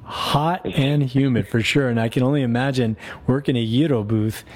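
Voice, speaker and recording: A man who is a priest hosting a call-in radio show, chatting casually with callers in a relaxed way, with frequent fillers and restarts. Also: mid-range voice, normal speed.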